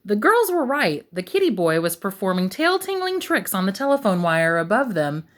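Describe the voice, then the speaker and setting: A woman reading a picture book aloud as a storyteller, expressive and rhythmic. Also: mid-range voice, moderate pace.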